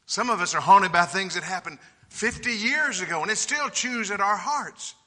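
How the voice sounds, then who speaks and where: Guy preaching, folksy funny stories, sharp bright voice a bit high, big echoey hall. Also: moderate pace. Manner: lively, folksy, humorous anecdotes. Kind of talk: sermon with storytelling. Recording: reverberant hall.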